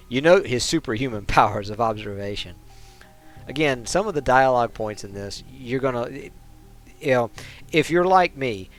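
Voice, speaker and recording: A man casually narrating a game on a stream, laughing often and making self-deprecating asides. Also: medium pitch.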